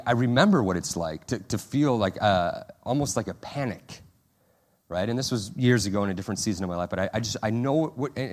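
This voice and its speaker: A man preaching a sermon to his congregation in a conversational way, often asking "right?" and restarting his sentences, and acting out prayers and quotes with more energy. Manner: animated, acts out prayers and quotes in a higher, louder voice. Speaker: pastor.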